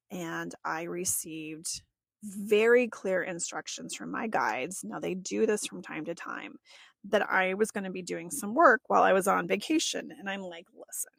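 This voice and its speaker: A woman recounts a personal experience as a podcast host, chatty and quick to laugh. Her voice has a gravelly fry to it. The sound is dry, with no room echo. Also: on the low side. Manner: chatty, often laughs and acts out quotes. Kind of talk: personal storytelling monologue.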